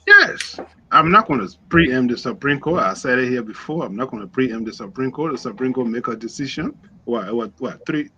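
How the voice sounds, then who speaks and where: A man's voice: medium pitch, animated, a little fast, sharp tone, lo-fi sound, a little hiss or hum. A man speaking as a guest on a political panel, evasive and repetitive, with the odd chuckle.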